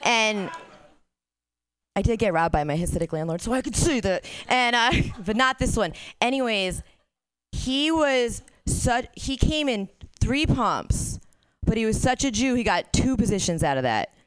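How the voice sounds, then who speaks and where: A woman's voice: a little high, animated, a little slow, smooth, no echo. A woman doing a stand-up set, telling crude stories candidly and laughing at her own jokes. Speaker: stand-up comic.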